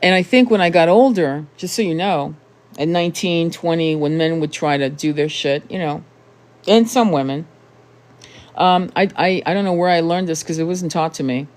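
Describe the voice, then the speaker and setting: A woman's voice: fairly low pitch, moderate pace, a little mellow. A woman in her thirties giving an impassioned monologue to camera, blunt and emphatic, with frequent swearing and rhetorical questions. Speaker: tarot channel host.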